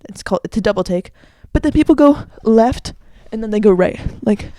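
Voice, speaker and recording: A woman's voice: medium pitch, a little fast, few pauses, dark tone, no room sound, studio quality. A young woman hosting her own podcast, chatting casually and with strong opinions, full of "like" fillers, into a microphone. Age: young adult. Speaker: podcast host. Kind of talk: casual solo podcast chat.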